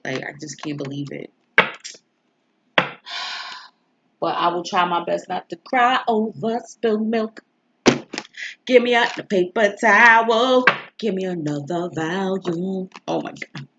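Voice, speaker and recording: A woman's voice: lowish voice, fairly bright tone, highs cut off, slight background noise. A woman, an astrology and tarot reader, talking in a rambling, emotional way with a stuffy nose from crying, throwing in rhetorical asides. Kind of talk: casual confessional vlog chat. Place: home.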